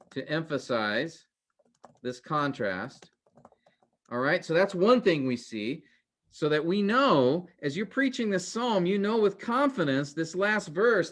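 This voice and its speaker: Male instructor, slightly high voice, chatty lecture style, keeps questioning the class. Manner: conversational, quizzes students with questions. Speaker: teacher.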